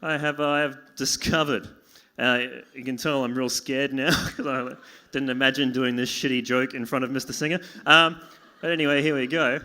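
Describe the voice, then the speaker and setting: A man's voice: mid-range voice, steady tone, moderate pace, sharp tone. A young man performing a self-deprecating stand-up set in a pub, acting out conversations with sudden yelps and pleading. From Australia. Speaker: stand-up comedian. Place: small pub venue with live audience.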